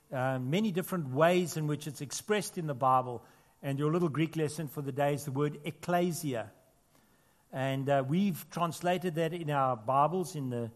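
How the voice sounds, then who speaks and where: Earnest preacher with a slightly higher voice. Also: male voice. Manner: earnest, builds to emphatic peaks, drops to quiet intimate asides. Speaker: pastor. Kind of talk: sermon. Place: church.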